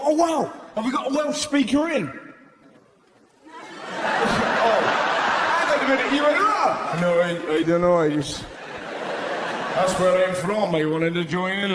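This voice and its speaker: A man with an English accent doing a live stand-up routine, telling stories in a cheeky, animated and sweary way in a large venue. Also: high-pitched. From England. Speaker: stand-up comedian. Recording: echoey arena with loud crowd.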